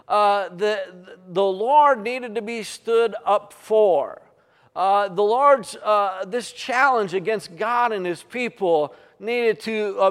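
An older man preaching a sermon, halting and full of uh fillers and restarts. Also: high voice, smooth, big-room sound. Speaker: pastor.

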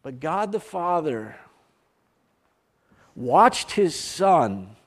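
A high-pitched man delivers a fervent sermon at an unhurried pace. He builds to loud, stretched-out peaks of emphasis and then sinks into hushed, low stretches, stumbling over restarts now and then. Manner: halting restarts and fillers. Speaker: preacher.

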